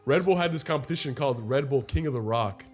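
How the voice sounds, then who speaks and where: A young man co-hosting a podcast, telling a long story in a casual, profane, animated way and acting out the other people's lines. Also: medium pitch, quick pace. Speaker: podcast co-host. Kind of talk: casual chat.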